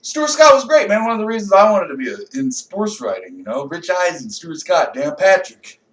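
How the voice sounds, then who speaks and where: Ranting male comedian, high voice, echoey. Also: big pitch swings, fairly quick, far from the mic, slight background noise. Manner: rambling, swings between low mutters and loud outbursts. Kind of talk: profane comedy rant to camera. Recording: echoey room, a bit off-mic.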